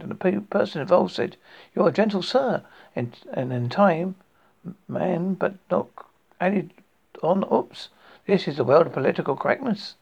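A gravelly, husky man in his late fifties reads his own horror story aloud. He rambles and breaks off into jokey asides. The recording is dull and lo-fi. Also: high voice, darkish tone. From United Kingdom. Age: 50s. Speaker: horror podcast host.

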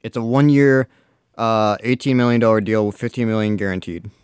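A man's voice: lowish voice, fairly quick, darkish tone, clear, resonant tone, no room sound, clean studio sound. A man hosting a casual podcast, reading sports headlines with many filler uhs. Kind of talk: casual chat.

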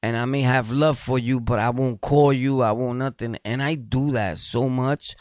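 A man hosting a casual solo podcast, talking in a loose, streetwise way and giving hyped shout-outs with bursts of laughter. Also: medium pitch, fairly even intonation, moderate pace, dry recording, clean studio sound. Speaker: podcast host.

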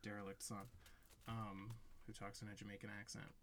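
A man's voice: fairly low pitch, flat delivery, normal speed, heavy background noise. A young man co-hosting a podcast, casually telling a story and acting out quotes. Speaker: podcast co-host. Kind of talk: casual chat.

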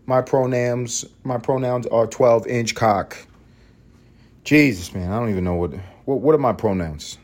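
A man from East Harlem riffs alone on his podcast in a crude, sarcastic monologue. His voice sits at an ordinary male pitch. He jumps between loud mock outbursts and quiet muttered asides. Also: a little slow. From East Harlem, New York. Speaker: podcast host. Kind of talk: profane comedic monologue.

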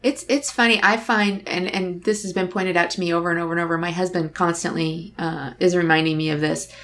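A woman's voice: on the low side, fairly even intonation, a little fast, a bit bright. A woman in casual conversation, telling a personal story in a candid, reflective way and acting out the dialogue. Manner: candid, reflective, acts out dialogue in her stories.

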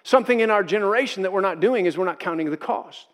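Male pastor, high-pitched, emphatic preaching, repeats lines for emphasis, slips into quoted voices. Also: fast talker. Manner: emphatic, repeats key phrases for effect. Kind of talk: sermon.

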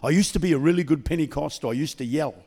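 Calm male pastor in a reverberant church. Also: on the high side, racing. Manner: calm, conversational, not yelling. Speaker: guest pastor. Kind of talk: sermon with healing prayer. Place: church service.

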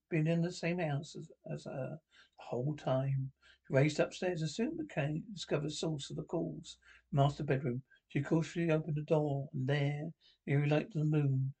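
Halting male storyteller, raspy and fry-heavy, slightly raised pitch. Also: darkish tone. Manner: halting, stumbling reading. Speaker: narrator. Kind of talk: reading a spooky story.

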